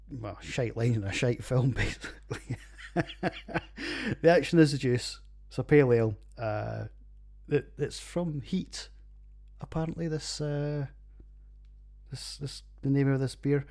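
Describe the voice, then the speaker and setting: A Scottish man rambles through his own podcast with a husky, breathy edge to his mid-pitched voice. He's loose and jokey, swears freely and trails off into fillers. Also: a little mellow. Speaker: podcast host reviewing beers. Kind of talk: casual solo podcast chat.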